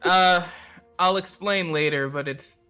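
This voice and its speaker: Bright-voiced, easygoing man. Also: high voice, slow, clear, resonant tone. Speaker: player. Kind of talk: casual game chat.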